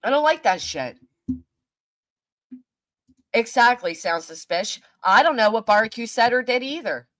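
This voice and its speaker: A woman's voice: a little high, expressive, normal speed, pauses often, fairly bright tone. A woman live streaming, ranting angrily with heavy cursing and talking back to her chat. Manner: heated, profane, talks back to chat. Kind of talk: angry livestream rant.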